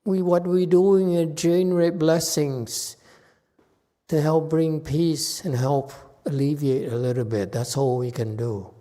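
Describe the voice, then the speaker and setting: A man's voice: fairly high pitch, fairly even intonation, unhurried, warm tone. Blunt, scolding male meditation master. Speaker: meditation master answering questions. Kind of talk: dharma talk with Q&A. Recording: long hall reverb.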